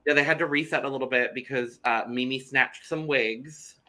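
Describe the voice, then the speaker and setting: A man's voice: medium pitch, steady tone, moderate pace, sharp tone. A young man co-hosting a podcast in casual chat, talking loosely, with some swearing and repeated words. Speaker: podcast co-host.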